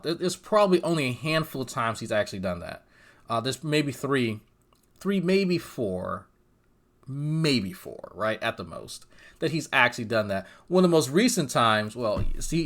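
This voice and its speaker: Brief: mocking, profane male commentator, lively swooping delivery. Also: medium pitch. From New Jersey. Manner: sarcastic, crude, mocking. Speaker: commentary YouTuber.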